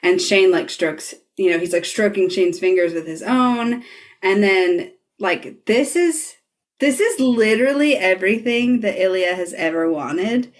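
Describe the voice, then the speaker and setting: A woman's voice: mid-range voice, expressive, unhurried. A woman hosting a podcast, retelling a scene in casual talk, laughing often and swearing freely. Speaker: podcast host.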